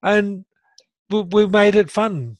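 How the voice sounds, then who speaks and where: Slight background noise sits behind a middle-aged man whose voice is high and whose pace is slow. As a guest in a casual conversation, he tells his stroke recovery story bluntly and earnestly, getting animated as he recounts it.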